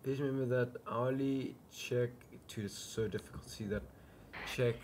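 A man's voice: mid-range voice, steady tone, measured pace, darkish tone, slight background noise. A man casually commenting while playing a game, mumbling jokey asides to himself. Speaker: gaming video host. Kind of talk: casual let's-play commentary.

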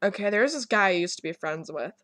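A woman's voice: mid-range voice, animated, brisk, pushed and bright, dry recording, studio quality. A young woman vlogger telling a personal story to camera in a rambling, candid way, with many ums and restarts.

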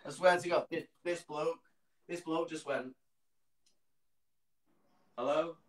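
A middle-aged man, a comedian telling a funny story in a punchy, animated way. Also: fairly high pitch, moderate pace, background noise. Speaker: comedian, guest. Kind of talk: comic storytelling.

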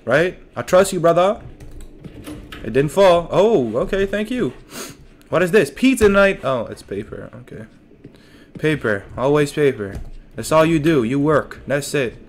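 A man's voice: fairly high pitch, sing-song, unhurried. A man giving casual gameplay commentary as a streamer, joking to himself and his chat and yelping at scares. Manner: jokey, talks to himself and chat, yelps at scares. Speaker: let's play streamer.

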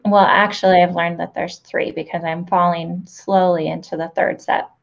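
A woman's voice: fairly low pitch, level tone, moderate pace, gravelly. A woman hosting an interview, speaking in a direct, instructive way about her career as a nail educator. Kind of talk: interview with teaching asides. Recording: dull, lo-fi audio.

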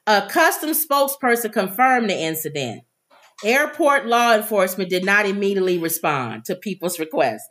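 A woman's voice: medium pitch, big pitch swings, normal speed, fairly bright tone. A woman co-hosting a casual talk show, reading news stories aloud and breaking off to joke. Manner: reads stories then jokes and does impressions.

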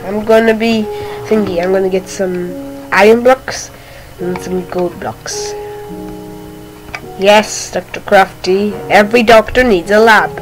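A young woman gives casual, chatty gameplay commentary at a mid-range pitch, talking straight to a game villager. Now and then she drops into a soft whisper. Clear game music plays behind her. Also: poor audio. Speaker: Minecraft channel host.

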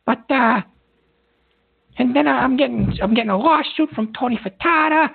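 A man's voice: extremely high pitch, moderate pace, vocal fry, slightly rough. A man hosting a call-in radio show, talking in a weary, hesitant way and trailing off. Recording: tinny phone line.

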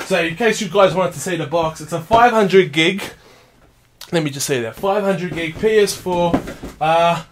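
Excitable high-voiced guy. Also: moderate pace, noisy background. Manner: excitable, says mate a lot. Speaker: gaming vlogger. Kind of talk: casual unboxing chatter.

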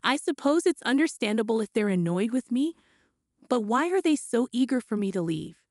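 A woman giving expressive first-person scripted story narration, her pitch jumping up on questions. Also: normal speed, dry recording, studio quality.

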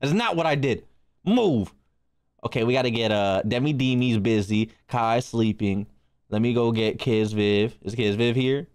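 A young man hosting a livestream, chatting casually with his chat in a loud, joking, profane way that swings into shouting. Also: medium pitch, unhurried, smooth, dry recording, studio quality. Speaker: streamer hosting an art contest.

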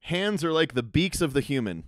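A man's voice: fairly high pitch, sing-song, moderate pace, no room sound. A man guesting on a comedy podcast, joking and laughing through casual banter. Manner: joking, laughs often, trails off.

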